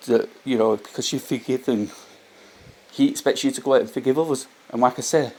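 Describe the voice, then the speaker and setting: Husky and a little fast, this man's mid-range voice carries a darkish tone. He's a vlogger giving an earnest, casual reflection on faith to camera, unscripted, frequently circling back to points and starting sentences over.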